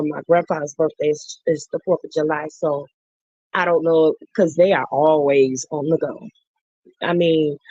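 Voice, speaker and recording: A woman's voice: low-pitched, darkish tone, no echo. A middle-aged woman hosting a livestream, chatting casually and effusively with her viewers. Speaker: livestream host. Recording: dull dry lo-fi sound.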